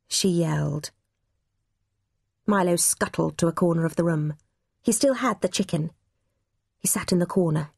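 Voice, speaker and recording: A husky woman, an audiobook narrator, reads a children's novel slowly from a script in a lowish voice. The recording is dry with clean studio sound, and her storytelling is measured and expressive.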